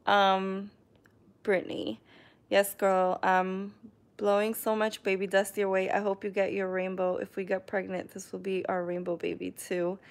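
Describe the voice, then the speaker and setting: A young woman talks casually to her viewers, reading out their comments and answering each one. Her voice sits at a middle pitch, and she speaks warmly and emotionally, laughing often. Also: flat delivery, measured pace, creaky. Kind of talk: casual chat to camera.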